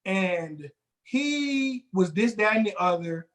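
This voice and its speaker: A man co-hosting a laid-back podcast, telling stories from his job. He talks in a loose, profane, animated way, often restarting his sentences. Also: high voice, takes it slowly. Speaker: podcast co-host. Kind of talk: casual chat, storytelling.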